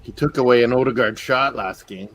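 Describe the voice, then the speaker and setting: A man's voice: medium pitch, brisk, fairly bright tone, low-quality recording. A man on a football stream, chatting casually and chipping in with short, laid-back remarks. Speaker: co-host. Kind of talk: casual football fan chat.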